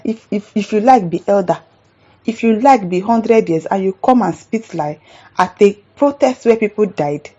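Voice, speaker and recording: A woman with a Nigerian accent hosts a commentary show, reacting to viewer comments with exasperated indignation. Her voice is mellow and warm, sitting at an ordinary pitch for a woman. The recording sounds slightly dull and lo-fi.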